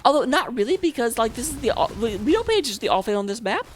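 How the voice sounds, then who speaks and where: A woman's voice: fairly high pitch, sing-song, very fast, slight background noise. A woman casting a live online video game match, chatty and self-mocking, laughing easily between plays. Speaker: esports caster.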